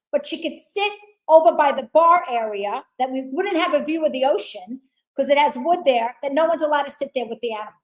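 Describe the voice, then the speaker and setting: A woman guest in casual chat, loud and swearing, telling a story with acted quotes. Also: high-pitched, poor audio.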